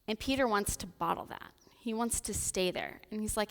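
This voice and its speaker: A woman's voice: medium pitch, fairly quick, hardly any pauses. A woman with an American Midwestern accent giving a casual, chatty sermon from the pulpit, dropping playful asides. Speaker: preacher. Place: church sanctuary. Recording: reverberant church hall.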